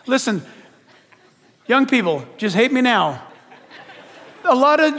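A man preaching a lively, joking sermon as a pastor, acting out the voices of the people he quotes. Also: very high voice, takes it slowly, pauses often. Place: church auditorium. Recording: long hall reverb.

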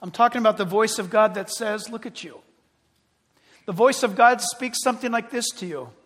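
High-voiced preacher in an echoing hall. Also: male voice, brisk. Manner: dramatic, swings from loud to hushed. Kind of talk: sermon. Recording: long reverb of a large hall.

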